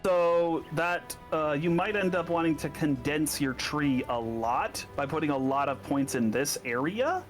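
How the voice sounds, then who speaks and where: A man with a somewhat high voice talks a friend through a game's skill tree. He is patient and casual, and he fumbles unfamiliar names. Faint music plays behind him. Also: animated, measured pace, few pauses. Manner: patient, stumbles over names. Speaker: game coach. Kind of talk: casual explaining on a stream.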